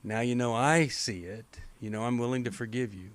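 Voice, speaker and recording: A man hosting a call-in advice show, calm and measured, coaching a caller slowly and deliberately. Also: medium pitch. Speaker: radio show host.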